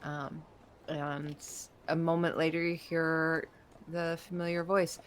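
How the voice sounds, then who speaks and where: A woman narrating a tabletop game as game master in a relaxed, unhurried way. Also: low-pitched.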